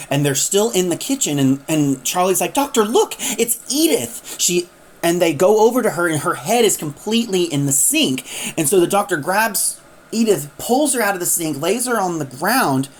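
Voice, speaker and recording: A woman's voice: lowish voice, animated, normal speed. A woman retelling an audio drama in a casual, unscripted way, rambling and full of fillers. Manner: rambling, many fillers and restarts.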